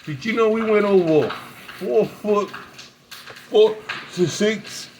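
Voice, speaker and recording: A man's voice: sits high, slow pace, a little mellow, slight background noise, rough recording. A man casually telling a long story, rambling, repeating words and laughing often. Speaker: pipe-smoking video host.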